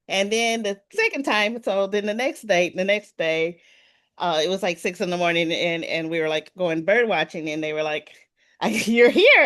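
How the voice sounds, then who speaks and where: A woman speaking on a panel at an event, telling a personal story in a chatty, animated way and acting out what people said. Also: medium pitch. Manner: chatty, animated retelling with quoted voices. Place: event room with an audience.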